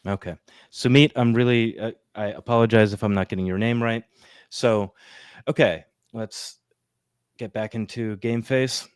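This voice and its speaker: A man's voice: lowish voice, steady tone, moderate pace, smooth, no room sound. Chatty male podcast host, dry sound. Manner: chatty, rambling with many fillers. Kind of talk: casual podcast chat.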